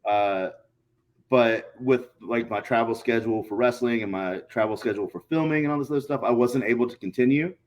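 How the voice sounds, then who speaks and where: A man, a guest on a casual podcast, telling stories in a profane, animated way and acting out quotes. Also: mid-range voice, a little fast. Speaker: guest, pro wrestler.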